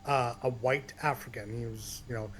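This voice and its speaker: A man's voice: medium pitch, steady tone, moderate pace, fairly bright tone, soft background music. A young American man in casual gaming banter, telling easygoing stories in a dry manner. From United States. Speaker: let's play co-host.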